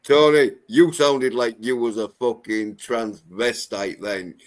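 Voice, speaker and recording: A man's voice: mid-range voice, fairly even intonation, slow pace. A man hosting a casual livestream chat. He teases his guest crudely and repeats himself. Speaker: livestream host.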